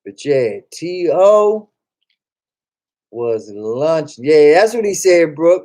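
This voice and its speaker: A male streamer with a slightly high voice who talks slowly and drawls. He jokes and swears casually as he reacts to his chat. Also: animated, mellow. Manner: joking, profane, reads chat aloud.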